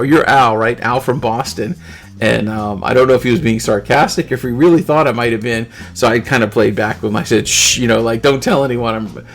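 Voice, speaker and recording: A man's voice: medium pitch, fairly bright tone. A middle-aged man hosting his channel, casually talking through viewer comments in a rambling, good-humored way. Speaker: YouTube channel host. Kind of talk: casual talk to camera, reading viewer comments.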